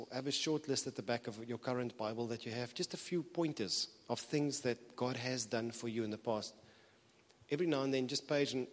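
A man preaching a sermon in a conversational, earnest way, with animated bursts of emphasis. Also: mid-range voice. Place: church hall. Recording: reverberant hall.

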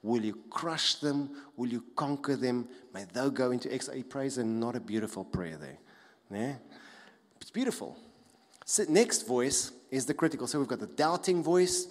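A man preaching a sermon as pastor, animated, acting out mocking voices with big swings in loudness. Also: mid-range voice, moderate pace. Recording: long reverb of a large hall.

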